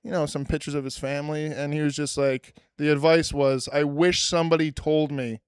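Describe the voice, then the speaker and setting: A man's voice: on the high side, flat delivery, a little fast, smooth, dry recording. A young man hosting a podcast, chatting casually and rambling with lots of restarts. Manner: rambling, self-deprecating, with many restarts. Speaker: podcast host. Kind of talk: casual chat.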